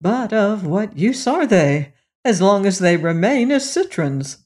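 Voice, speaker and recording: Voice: medium pitch, very animated, measured pace, darkish tone. A storybook reader voicing an eager, lovesick young prince in a raised, earnest tone. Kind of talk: storybook reading.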